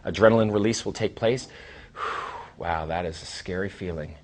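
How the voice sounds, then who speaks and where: A man in his thirties giving a casual, rambling seminar talk as a trainer, with sighs and long pauses. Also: sits low. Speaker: dating coach and trainer.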